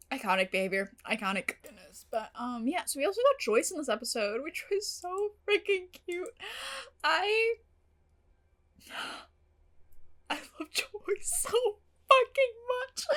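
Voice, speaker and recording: A young woman host giving a casual, gushing episode recap, giggling, swearing freely and jumping up in pitch when excited. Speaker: reaction channel host.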